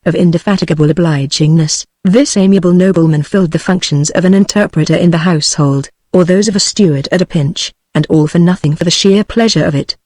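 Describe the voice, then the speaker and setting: A text-to-speech woman's voice with a British English accent, reading an audiobook in an even, unvaried synthetic manner. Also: fairly low pitch, fairly quick, few pauses, no room sound. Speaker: narrator.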